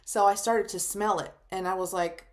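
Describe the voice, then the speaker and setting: A woman's voice: mid-range voice, fairly even intonation, moderate pace. A woman in her thirties, a psychic medium, telling her personal story to the camera in a casual, emotional way, full of "like" fillers.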